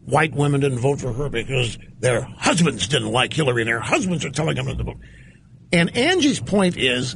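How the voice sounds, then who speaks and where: A man's voice: medium pitch, sing-song, normal speed, gravelly, fairly bright tone, a little hiss or hum. A man hosting a call-in radio talk show, emphatic and incredulous as he talks with callers. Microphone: studio microphone.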